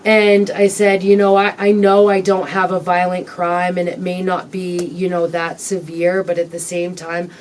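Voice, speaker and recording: A woman as an interview guest, telling her personal story candidly in a halting, reflective way with frequent pauses and ums. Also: fairly low pitch, monotone, a little mellow, distant mic, a little hiss or hum.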